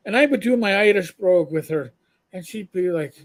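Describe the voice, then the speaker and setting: A middle-aged man with a notably high speaking voice, co-hosting a casual podcast. He tells long, rambling stories and swears bluntly as he goes. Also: expressive, a little fast. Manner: rambling anecdotes with blunt profanity. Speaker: podcast co-host. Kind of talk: casual storytelling chat.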